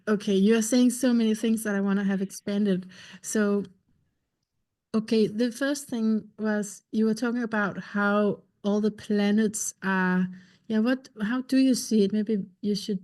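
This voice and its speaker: Podcast host: woman, mid-pitched, curious and probing. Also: mellow. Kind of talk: podcast interview.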